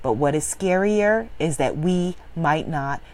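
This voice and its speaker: A woman working as a spiritual business coach, giving a motivational speech in an emphatic, preachy way that swings from loud exclaiming to low, intense affirmations. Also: animated, measured pace.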